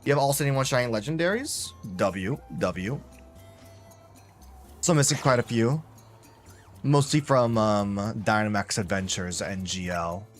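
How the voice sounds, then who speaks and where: A man's voice: lowish voice, expressive, a little slow, long pauses, faint music behind. Chatty man streaming a game. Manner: chatty, rambling, talks to chat. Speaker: live-streamer. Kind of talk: casual gameplay commentary.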